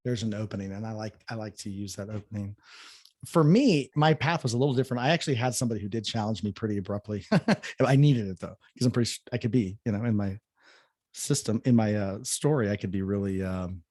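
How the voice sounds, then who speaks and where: A man guest in a conversation, telling a personal story in a reflective, relaxed way. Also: on the low side, quick pace, no echo, studio quality. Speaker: podcast guest.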